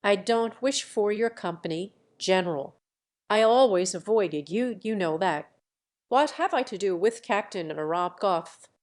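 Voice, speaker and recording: A woman's voice: medium pitch, natural voice. A woman voicing a defiant young man who speaks in a jeering tone.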